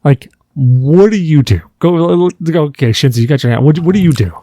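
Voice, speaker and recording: A man hosting a casual podcast chat, telling jokey stories in an animated way. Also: a little high, moderate pace, no echo, clean studio sound. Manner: animated, joking storyteller. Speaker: podcast host.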